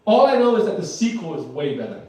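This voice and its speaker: A man's voice: on the high side, sing-song, quick pace, a little mellow. Rambling male stand-up, echoey and distant. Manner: rambling, laughs at his own jokes. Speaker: stand-up comedian. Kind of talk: live stand-up comedy. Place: live comedy show with audience. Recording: echoey room, mic far off.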